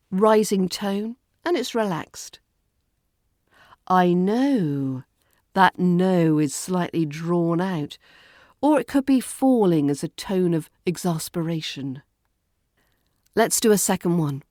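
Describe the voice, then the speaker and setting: A woman with a British RP accent hosting a podcast lesson, speaking lightly and clearly and acting out example phrases. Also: on the low side, darkish tone, no echo, clean studio sound. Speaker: accent coach and podcast host.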